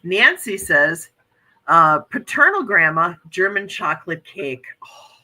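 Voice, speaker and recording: Very bright-voiced effusive woman in her fifties. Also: on the low side, big pitch swings, slow pace, rough recording. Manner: effusive, gushing exclamations. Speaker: livestream host. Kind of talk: casual morning chat reading viewer comments.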